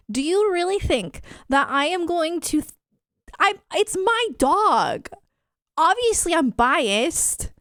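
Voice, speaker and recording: A woman's voice: high-pitched, no room sound, studio quality. A woman streamer chatting with her live chat, playfully mock-offended and laughing often. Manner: soft baby talk to her dog.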